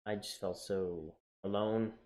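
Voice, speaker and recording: Candid young man with a low voice. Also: takes it slowly. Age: young adult. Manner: candid and emotional, swinging from quiet to excited; frequent fillers and restarts, casual swearing. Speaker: navy sailor sharing his journey. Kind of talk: personal vlog storytelling.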